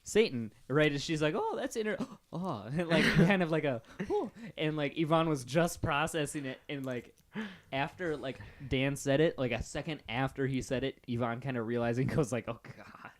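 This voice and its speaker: A man's voice: mid-range voice, normal speed. A young man co-hosting a podcast, telling a rambling story with lots of fillers and giggles. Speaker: podcast co-host. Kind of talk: casual chat.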